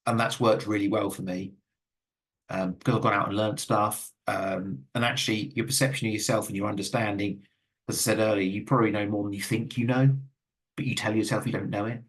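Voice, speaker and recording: A man's voice: lowish voice, a bit bright. A middle-aged man giving an earnest talk with audience questions, full of fillers and stammered restarts. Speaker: guest speaker.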